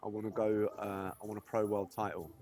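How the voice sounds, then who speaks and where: A man's voice: on the low side, flat delivery, brisk, a little mellow. A young man, a fighter guesting on a podcast, talking casually and often asking "do you know what I mean". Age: young adult. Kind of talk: casual interview chat.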